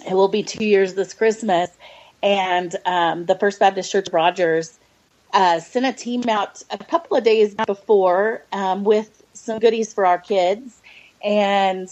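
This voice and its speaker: A woman's voice: mid-range voice, a little slow, a little mellow. A middle-aged woman guest telling a heartfelt faith story in an earnest, hesitant way, full of fillers and near tears. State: close to tears. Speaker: podcast guest, adoptive mother. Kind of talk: personal faith testimony. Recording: dull lo-fi audio.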